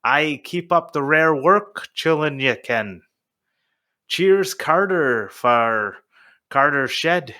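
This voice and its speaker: A man reading a fan review aloud in a put-on Scottish accent, halting and stumbling over the dialect words. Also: a little high, lively intonation, pushed and bright, pitched above the performer's own voice, heavily acted. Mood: struggling.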